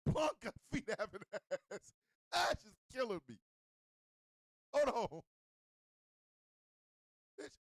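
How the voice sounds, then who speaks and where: Guy hosting a comedy radio show, high raspy-gravelly voice, cussing and rambling all over, dead dry sound. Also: no room sound. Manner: profane, rambling, animated storytelling. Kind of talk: comedic rant.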